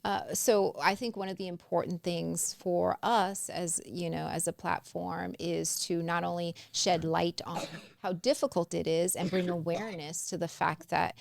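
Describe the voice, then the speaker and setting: Low, gravelly woman co-host. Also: steady tone. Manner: measured, affirming, steers the talk with questions. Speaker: podcast co-host. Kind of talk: casual heartfelt conversation.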